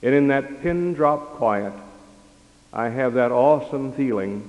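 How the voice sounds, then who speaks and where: Man in his fifties, slow measured sermon, long chapel reverb. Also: mid-range voice, expressive, highs cut off. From Texas. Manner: slow, deliberate, measured delivery. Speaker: chaplain and worship leader.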